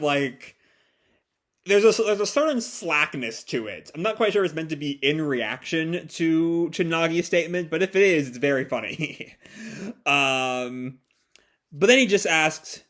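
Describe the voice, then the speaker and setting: A man's voice: a little high, animated, a little slow, a bit bright. A young man reading and reacting to a comic chapter aloud, casual, with lots of fillers, swearing and laughs. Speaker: manga reaction reader.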